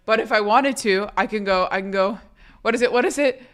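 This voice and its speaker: A young woman streamer, hoarse from being sick, chatting casually and profanely while reading out her chat. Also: medium pitch, fairly quick, a bit bright.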